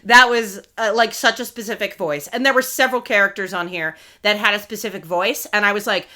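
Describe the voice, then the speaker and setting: A woman co-hosting a podcast in casual chat, animated and laughing, slipping into quick character impressions as she talks. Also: medium pitch. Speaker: podcast co-host.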